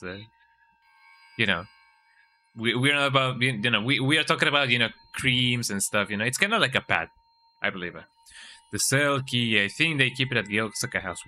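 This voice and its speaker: A man's voice: fairly low pitch, sharp tone, a little hiss or hum. A man, streaming a horror game and rambling through crude jokes as he thinks aloud. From Mexico. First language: Spanish. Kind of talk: live game commentary.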